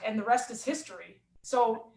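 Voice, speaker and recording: A woman athlete and coach telling a story in a lively, animated way in a casual interview. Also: on the high side, normal speed, background noise. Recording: roomy echo.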